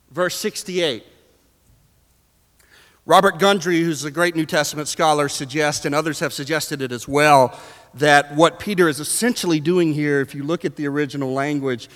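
A man delivers a sermon to a congregation, his slightly raised voice climbing to shouts and dropping to near whispers. His words ring out with a long reverb, as from a large church hall. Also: on the high side. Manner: dynamic, swings from shouting to hushed; speaks to a live congregation. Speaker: preacher.

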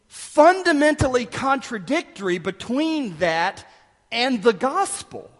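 Man preaching a sermon, high voice, long reverb, emphatic with hushed asides. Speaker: pastor.

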